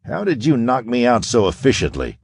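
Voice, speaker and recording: A man voicing a calm, brilliant young space-hero scientist in an audiobook, speaking coolly and with assurance. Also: mid-range voice, a little fast, husky, no echo, clean studio sound, pitched above the performer's own voice, heavily acted.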